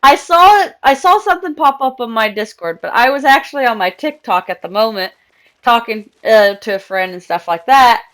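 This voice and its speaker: A woman's voice: fairly high pitch, expressive, normal speed, a bit bright. A young woman chatting casually on a live game stream, rambling through a story and laughing often. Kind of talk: casual live-stream chat while gaming.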